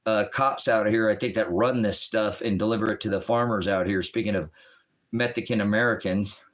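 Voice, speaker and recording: Rambling, animated middle-aged man. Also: fairly low pitch, a little fast, poor audio. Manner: rambling, animated, with mimicked quotes and asides. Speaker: livestream host. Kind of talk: rambling livestream talk.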